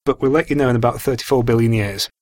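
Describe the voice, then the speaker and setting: A man answers listeners' astronomy questions on a podcast, explaining in a measured way. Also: medium pitch.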